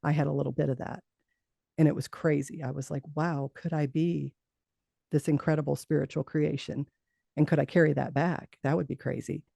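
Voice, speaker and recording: A woman's voice: low voice, fairly even intonation, normal speed, gravelly, mellow, no echo. A middle-aged woman, a guest in an interview, telling a personal story earnestly, laughing now and then and restarting her sentences.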